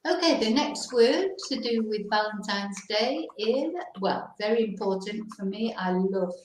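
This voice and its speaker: A woman hosting a casual bilingual chat, teaching words slowly and switching between English and Spanish. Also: mid-range voice, animated, a little mellow, slight background noise. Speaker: host. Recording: very echoey room.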